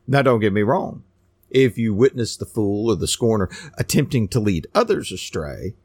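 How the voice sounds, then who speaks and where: A man preaching a sermon in an animated, scornful way, building to near shouts. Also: on the low side, dry recording, clean studio sound.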